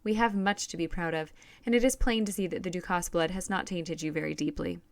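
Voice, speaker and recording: A woman's voice: on the low side, fairly even intonation, fairly quick, no echo, lightly acted. A woman reading a cold scheming grandmother. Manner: smooth, curt replies. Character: cold, scheming old grandmother, royal adviser.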